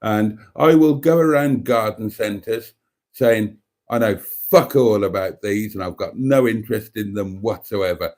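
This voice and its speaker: A fairly low, slightly mellow male voice moves at a somewhat slow pace as he reads out chat on a casual livestream. His asides are wry and camp, and he laughs frequently.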